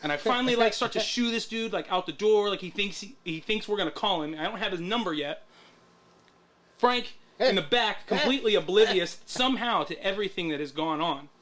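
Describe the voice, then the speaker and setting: A man, a guest tattoo artist, telling stories in a casual, animated way with plenty of swearing. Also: high-pitched, fairly quick. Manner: animated, profane, laid-back. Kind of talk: casual storytelling.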